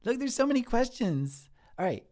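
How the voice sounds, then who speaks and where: A man's voice: extremely high pitch, sing-song, moderate pace, darkish tone. A man voicing a giddy, childlike young woman who works in a kitchen, giggly and scattered as she answers live chat questions. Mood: bubbly. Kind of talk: improvised live-stream character comedy.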